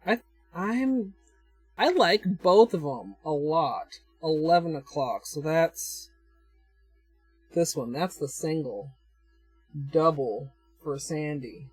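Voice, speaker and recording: A woman's voice: low voice, animated, slow, pauses often, a little mellow, breathy edge, no room sound, faint music behind. A woman with a Minnesotan accent chatting casually on a livestream, thinking aloud as she demonstrates and answers her chat with frequent chuckles. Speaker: nail art livestreamer.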